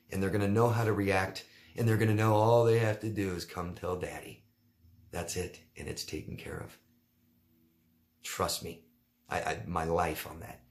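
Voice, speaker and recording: A man with a fairly low voice who talks straight to the camera in a loose Q&A style. He is blunt and emphatic and drives his points home by repeating the key words. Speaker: relationship coach answering viewer questions. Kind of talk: casual Q&A monologue.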